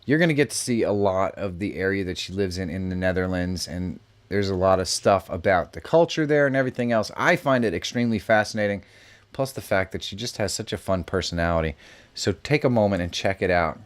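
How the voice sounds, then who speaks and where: Middle-aged guy hosting a live chat, kinda low voice, laughs a lot, reads comments. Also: brisk. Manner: chatty, laughs often, reacts to chat messages. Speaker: live show host. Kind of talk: casual live-stream chat reading comments.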